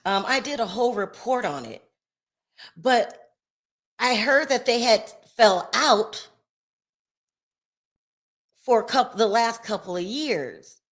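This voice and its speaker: Slow-talking upset woman livestreaming from home. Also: a little high, expressive. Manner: emotional, rambling, swings from loud outbursts to sighing murmurs. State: upset, shaky. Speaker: live-stream host. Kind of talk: casual live-stream commentary.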